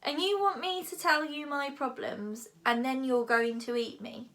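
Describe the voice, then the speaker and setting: A woman's voice: sits high, steady tone, a little slow, a bit bright. Woman doing an earnest worried young boy. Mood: incredulous. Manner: anxious, pleading.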